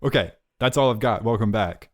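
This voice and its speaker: A man in his late twenties co-hosting a comedy podcast, teasing, incredulous and quick to laugh. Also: on the low side. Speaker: podcast co-host and editor. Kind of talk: casual comedic podcast chat.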